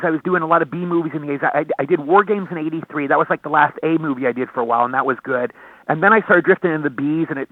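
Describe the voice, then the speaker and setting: A middle-aged man, an actor, telling stories in an excitable, rambling way during an interview. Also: fairly high pitch, dry recording. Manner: excitable storyteller, quick rambling delivery. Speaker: actor guest. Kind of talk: casual interview over phone. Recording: tinny dry phone line.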